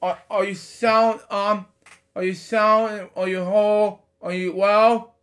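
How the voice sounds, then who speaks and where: High-voiced man stumbling through a storybook. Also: a little slow, fairly bright tone. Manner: stumbling reading, fillers, blunt irreverent asides. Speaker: storybook reader. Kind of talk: casual read-aloud with commentary. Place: home at night.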